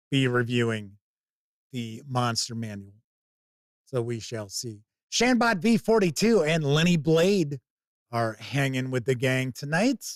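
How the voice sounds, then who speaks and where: Slow-talking male stream host. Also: medium pitch, no echo, clean studio sound. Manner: unhurried, relaxed talk with fillers. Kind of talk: casual livestream chat.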